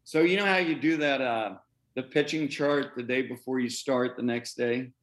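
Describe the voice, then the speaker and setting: A middle-aged man in an interview, a former baseball pitcher, tells his story with lively energy. He acts out the voices of the people in it and his pitch sits in an ordinary middle range. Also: moderate pace. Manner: animated, acts out quoted voices, breaks into laughs.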